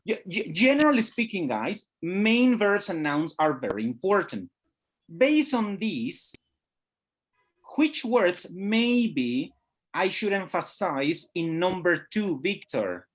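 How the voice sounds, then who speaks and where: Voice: medium pitch, sing-song, slow pace. A teacher trainer leading an online webinar, patiently checking that participants follow. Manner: patient, checks understanding, often says "guys". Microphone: video call.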